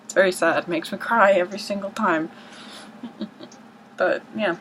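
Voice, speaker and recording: A woman with a somewhat low voice rambles casually to the camera, slipping into hushed asides and mock-dramatic outbursts. She is recorded on a camera's built-in mic in a room at home. A clear hiss runs under the whole low-quality home video. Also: steady tone, normal speed. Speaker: vlogger showing her record collection.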